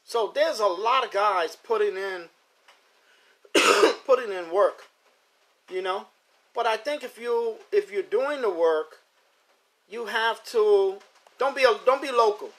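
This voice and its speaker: A middle-aged man with a high voice chats loosely on a live stream. He rambles, repeats his words and talks straight to his viewers. The sound comes off a phone or computer mic. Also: takes it slowly, long pauses, fairly bright tone. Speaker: host of a pigeon racing show. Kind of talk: casual live-stream chat.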